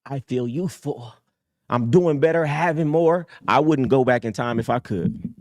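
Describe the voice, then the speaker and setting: A man's voice: a little slow, darkish tone, dry recording. Streetwise man preaching hard on a dry mic. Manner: streetwise, preachy, swings from low mutters to high emphatic bursts. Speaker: host. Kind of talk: casual livestream talk.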